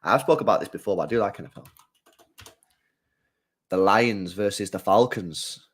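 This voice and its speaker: A man holds a loose live-stream chat, rambling from point to point and repeating himself for emphasis. His voice sits a little low. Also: moderate pace, husky. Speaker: football watchalong streamer.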